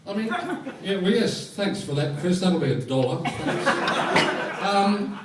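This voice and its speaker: A man serving as fines master at a club dinner, telling jokes in a dry, deadpan way to a live audience. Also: high-pitched, slow, recorded from a distance, heavy background noise. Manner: dry, deadpan joke delivery. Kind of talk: joke-telling fines session. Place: function room with audience. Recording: roomy hall recorded from afar with crowd.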